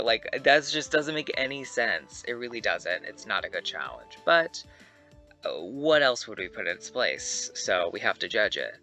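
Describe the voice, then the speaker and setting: Gravelly, lively young man chatting. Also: medium pitch, a little slow, faint music behind. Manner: animated, chatty, swears freely, lots of fillers. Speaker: YouTuber ranking reality-show contestants. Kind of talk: casual commentary to camera.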